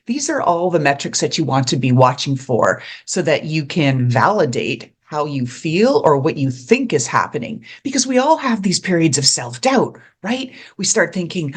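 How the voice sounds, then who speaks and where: An animated host speaking directly to the audience in a mid-range voice. The delivery is expressive and conversational, with quick bits of acting when quoting others. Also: mid-range voice, breathy edge. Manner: animated, acts out quoted people. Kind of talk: advice talk to camera.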